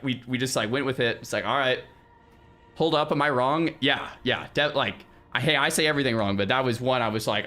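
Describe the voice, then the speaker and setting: A young man streaming, chatting casually with his viewers in an animated way, with lots of restarts and loud exclamations. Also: fairly high pitch. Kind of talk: casual livestream chat with viewers.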